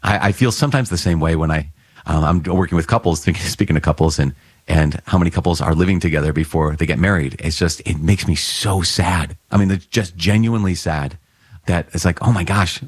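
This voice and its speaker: A man's voice: low voice, a little fast, slightly rough, dry recording. A man giving a conversational homily on scripture readings, earnest and plain-spoken with fillers and light laughs. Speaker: priest.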